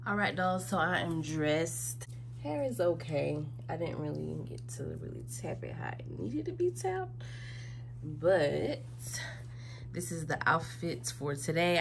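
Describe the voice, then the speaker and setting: A woman's voice: deep voice, gravelly, a little hiss or hum. A young woman vlogging at home to her phone camera, chatty and playful, calling her viewers baby and girl. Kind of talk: casual chat to camera.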